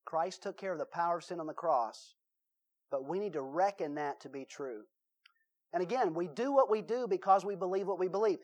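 A Southern US preacher moves briskly through a sermon with anecdotes, his voice high-pitched. He tells folksy stories and acts out the voices within them.

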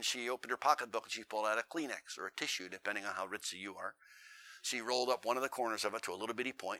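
A man's voice: lowish voice, bright, forceful tone. A male preacher telling stories in a sermon, with a folksy, earnest and dramatic way of talking. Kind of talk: storytelling sermon.

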